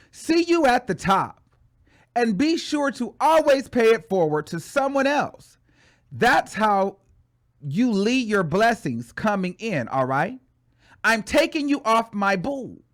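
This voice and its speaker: A man's voice: very high-pitched, a bit bright, pitched above the performer's own voice, full character voice. A man voicing a gushing, smug woman who praises a protégé in a syrupy, mock-sweet tone.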